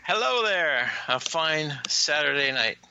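A man co-hosting a movie commentary podcast with a gravelly voice, dropping in wry, playful quips. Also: on the high side, big pitch swings, sharp tone, highs cut off, a little hiss or hum. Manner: wry, quick interjections, playful. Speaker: podcast co-host. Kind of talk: casual commentary banter.

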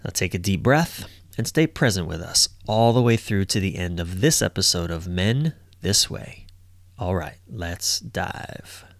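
A man hosting a podcast, talking in a calm, earnest and measured way while chatting with his guest. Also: sits low, dry recording, clean studio sound. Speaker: podcast host. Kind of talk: casual interview chat.

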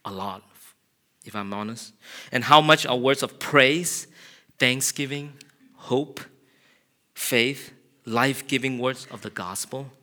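A man's voice: mid-range voice, slow pace, pauses often. A man preaching an earnest, confessional sermon. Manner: earnest, confessional, builds to loud passionate shouting. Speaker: pastor.

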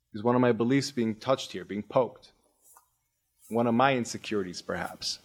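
A man hosting a podcast, coaching his guest in an energetic, explanatory way and quoting his own inner thoughts as examples. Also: mid-range voice. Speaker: podcast host, performance coach. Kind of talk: coaching conversation.

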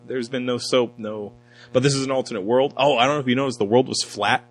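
A man's voice: mid-range voice, steady tone, quick pace, soft background music, low-quality recording. Man sarcastically recapping a movie. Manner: joking, sarcastic, acts out quotes with a voice. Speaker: podcast co-host reviewing a film. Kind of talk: casual chat.

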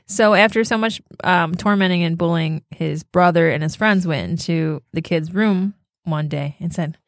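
A woman's voice: lowish voice, normal speed, no room sound, studio quality. A woman co-hosting a podcast, telling a story in casual chat and laughing through her words. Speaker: podcast co-host.

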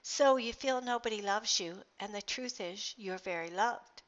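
A woman's voice: mid-range voice, measured pace. A middle-aged woman sharing personal reflections in a casual, earnest, rambling monologue. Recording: dull lo-fi recording.

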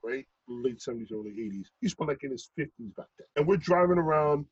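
Husky-voiced New man telling stories. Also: mid-range voice, quick pace, dry recording, dull audio. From Brooklyn, New York. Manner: profane, animated storyteller. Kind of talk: casual chat.

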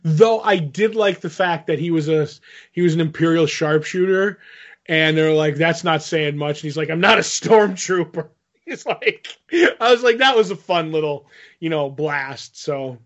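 A man's voice: on the high side, moderate pace. Rambling male podcast co-host, lo-fi. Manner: rambling, many fillers and restarts. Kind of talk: casual chat. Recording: dull lo-fi audio.

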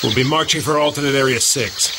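Man playing a weary, gruff army lieutenant. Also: medium pitch, quick pace, very noisy, close to an everyday voice. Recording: film audio with loud jungle ambience, birds.

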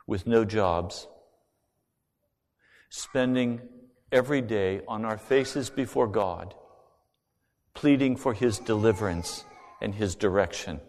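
Man, middle-aged, preacher, sermon, earnest storytelling, low voice, long church-hall reverb. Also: slow, pauses often. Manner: earnest storytelling, dramatic swings from hushed to loud.

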